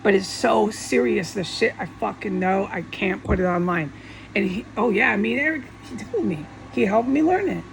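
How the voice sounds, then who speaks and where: A woman's voice: mid-range voice, animated, normal speed, vocal fry, background noise. A woman vlogger in a rambling monologue, agitated and swearing in heated outbursts.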